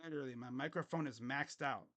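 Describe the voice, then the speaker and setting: A man's voice: medium pitch, quick pace, fairly bright tone. A man hosting a casual sports livestream, grumbling and sarcastic, swearing offhandedly at a desk microphone.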